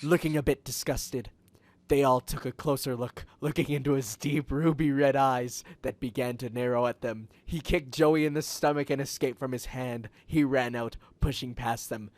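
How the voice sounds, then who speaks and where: A man reads fan fiction aloud in a flat, deadpan narration with wry asides. He speaks into a call headset. The recording is dry and close. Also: mid-range voice, moderate pace, dry recording. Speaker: host and reader. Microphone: headset for a video call.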